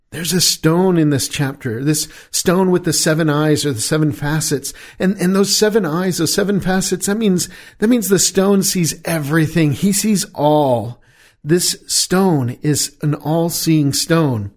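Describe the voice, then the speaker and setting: A middle-aged man preaching a sermon, asking rhetorical questions and slowing down on the key phrases. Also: on the high side, a little mellow.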